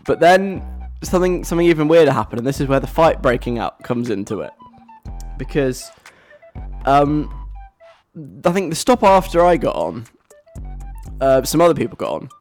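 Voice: medium pitch, moderate pace. Chatty radio host, faint music behind. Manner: animated storyteller, acts out overheard quotes. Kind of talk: casual radio chat. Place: radio studio.

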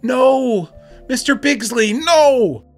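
A man voicing a male asylum patient who fakes hysterical crying and begs in a high, strained voice. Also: expressive, normal speed, faint music behind, close to an everyday voice. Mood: wailing. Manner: wailing, pleading, high and strained.

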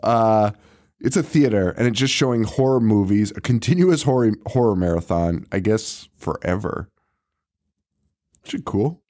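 Casting note: young male podcast co-host, mellow dark tone, loose and profane, laughs a lot. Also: on the low side, lively intonation, a little slow. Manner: laid-back, swears a lot, laughs often. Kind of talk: casual chat.

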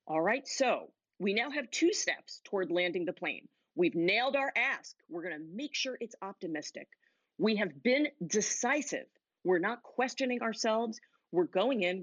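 A woman's voice: mid-range voice, expressive, dry recording, lo-fi sound. Emphatic woman coaching from a stage. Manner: emphatic, punchy phrasing with deliberate pauses. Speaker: negotiation coach and keynote speaker. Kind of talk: motivational stage talk. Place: on a stage before an audience.

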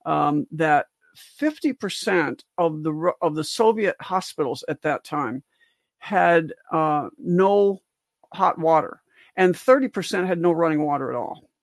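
A woman's voice: low-pitched, animated, a little slow, no room sound, clean studio sound. Older woman, rambling emphatic talk. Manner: rambling, with many restarts and asides. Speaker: co-host physician. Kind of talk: livestream discussion.

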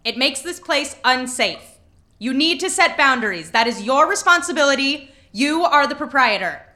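A woman's voice: high voice, expressive, moderate pace, bright, forceful tone. An actress playing an anxious young woman who talks herself into courage. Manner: shaky, self-coaching, earnest.

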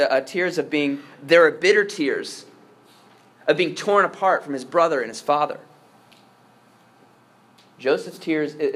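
In a medium-pitched voice, a priest gives an earnest, emphatic sermon. He often restarts with repeated words and alternates strong stresses with hushed asides.

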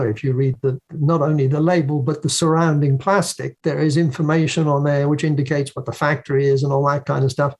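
Brief: man, ex-label executive, raised-pitch voice, chatty anecdotal storyteller who laughs often. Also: darkish tone. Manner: chatty, amused, laughs while telling stories. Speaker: former record label managing director.

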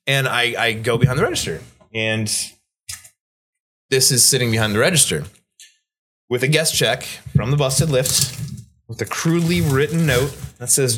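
A man's voice: moderate pace, pauses often, slightly rough. A young man, a bartender, telling a story in casual, profane chat with lots of fillers. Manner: animated, jumps pitch to act out other people's lines.

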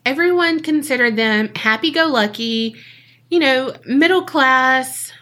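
A woman's voice: sits high, animated, measured pace, pushed and bright. A woman co-hosting a podcast, telling a true-crime case in a casual, jokey way and acting out the people she quotes.

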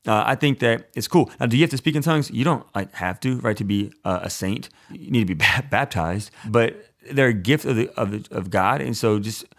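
A man's voice: on the low side, brisk, hardly any pauses. A man, a Catholic preacher, giving a casual teaching talk with personal stories, speaking conversationally and often saying "like" and "right". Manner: conversational, relaxed, frequent "like" and "right".

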